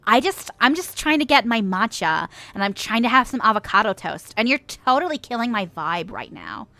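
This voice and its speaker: A woman doing a playful Valley Girl impression of a fussy young woman, with an airy, drawn-out delivery. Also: fairly high pitch, big pitch swings, sharp tone, no echo, faint music behind, heavily acted. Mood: mock-whiny.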